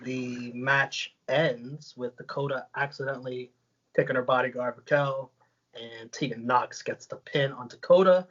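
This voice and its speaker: A man co-hosting a casual roundtable, leading the review with upbeat, quick recaps. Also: medium pitch, fairly even intonation, a bit bright, lo-fi sound.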